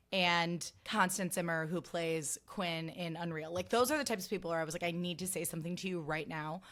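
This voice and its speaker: On her solo podcast, a thirtysomething woman rambles in a gushy way, saying "like" a lot and cursing without restraint. She has a fairly low pitch with a fairly bright tone.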